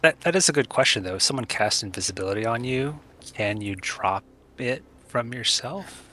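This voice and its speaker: A man playing in a tabletop game, hesitant with many pauses. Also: mid-range voice, animated, pushed and bright, a little hiss or hum. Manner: hesitant, lots of ums. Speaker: player. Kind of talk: casual tabletop play.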